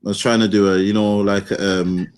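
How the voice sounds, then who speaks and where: A man's voice: fairly low pitch, flat delivery, moderate pace, darkish tone, clean tone. A man co-hosting a football podcast. He talks in casual slang, rambles and keeps asking "you get what I'm saying?". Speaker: podcast co-host.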